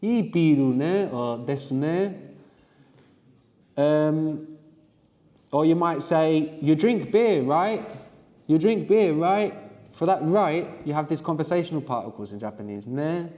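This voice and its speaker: A man leads a language class, prodding his students with questions and asking them to work things out aloud. His voice is mellow and relaxed, and the room around him rings with a long reverb. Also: a little high, measured pace, pauses often. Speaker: language teacher. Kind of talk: live classroom teaching workshop.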